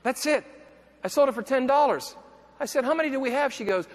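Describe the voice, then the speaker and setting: A man giving a motivational keynote, telling a story with animated delivery, acting out the voices of people he quotes and breaking into shouts. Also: very high-pitched, a little fast. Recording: echoey hall, faint background noise.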